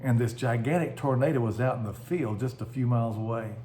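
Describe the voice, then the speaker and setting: A man's voice: medium pitch, fairly quick, warm tone, a little hiss or hum. A man pastor giving a short devotional message, telling stories in a folksy way that livens up at dramatic moments.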